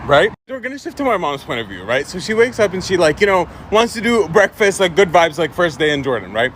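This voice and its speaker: A young man from Egypt telling a funny childhood story in a casual, animated way, laughing often. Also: a little high, fast talker, few pauses, a little hiss or hum. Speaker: social media storyteller.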